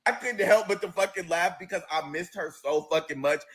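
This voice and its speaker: A man's voice: high voice, a little fast. A young man telling a personal story in a casual, profane, emotional way, acting out the other people's lines. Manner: profane, emotional, acts out quoted voices. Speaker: storyteller recounting personal events.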